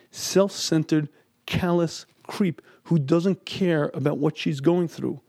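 A man's voice: on the high side, vocal fry, a little mellow, dry recording, clean studio sound. Emphatic middle-aged man teaching Talmud. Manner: emphatic, acts out quoted speech. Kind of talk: lecture on Talmud and marriage.

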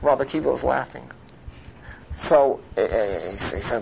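A man's voice: medium pitch, animated, normal speed, gravelly, darkish tone. A man teaching a Torah class. He asks rhetorical questions, keeps checking in with his listeners, and mixes Hebrew terms into his English. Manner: rhetorical, checks in with "right?" and "okay?". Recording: muffled lo-fi recording with faint noise.

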